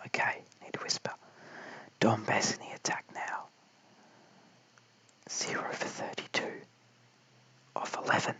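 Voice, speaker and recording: An Australian man giving whispered cricket commentary late at night at home, mic held very close, hushed and apologetic as he chats with viewers. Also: lowish voice, fairly even intonation, unhurried, gravelly, long pauses, husky, poor audio. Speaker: live stream cricket commentator. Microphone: held very close to the mouth.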